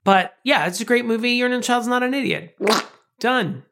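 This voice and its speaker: Woman podcast co-host, casual chat, very lively pitch, jokey, laughs a lot. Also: normal speed, creaky, a little hiss or hum. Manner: animated, jokey, laughs often.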